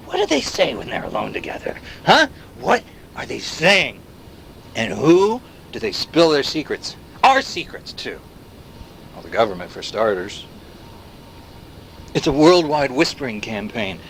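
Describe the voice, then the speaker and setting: A man's voice: a little high, bright, forceful tone, a little hiss or hum, exaggerated voice. An actor playing a paranoid male anti-surveillance activist in a video game, talking impassioned and firing rhetorical questions at the listener. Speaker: game character.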